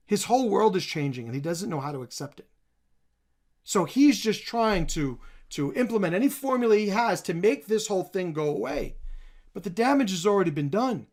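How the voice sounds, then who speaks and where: A man's voice: sits high, darkish tone. Blunt, profane man reacting on camera. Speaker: commentary channel host. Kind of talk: reaction video commentary.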